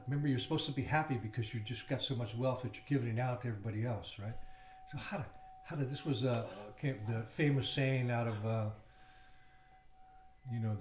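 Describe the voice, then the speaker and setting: A man teaching a yoga class, explaining technique in a loose, rambling way with fillers and breaking into repeated chants. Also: medium pitch. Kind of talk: guided yoga class instruction. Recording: roomy with faint background noise.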